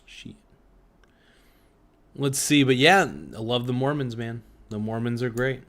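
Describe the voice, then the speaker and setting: A man's voice: medium pitch, unhurried, fairly bright tone. Rambling, profane man chatting to his live chat. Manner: rambling and profane, with many fillers. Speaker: livestream podcast host. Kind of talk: casual chat while eating, reading live chat.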